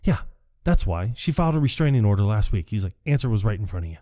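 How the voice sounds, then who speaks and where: A man co-hosting a podcast, casually recapping a film scene by scene and acting out the characters' lines in a higher voice. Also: quick pace. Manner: animated retelling, jumps high to act out quoted lines, laughs often. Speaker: podcast co-host. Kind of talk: casual movie recap chat.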